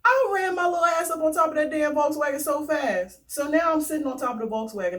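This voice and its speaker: A woman vlogger telling stories and ranting in a casual, animated way, swearing freely. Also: high-pitched, brisk, far from the mic. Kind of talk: casual storytelling rant.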